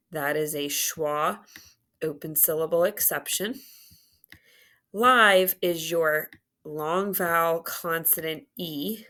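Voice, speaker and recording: A deep, pushed, bright female voice guides a phonics lesson, taking her time to stretch out sounds, syllables and words with patience.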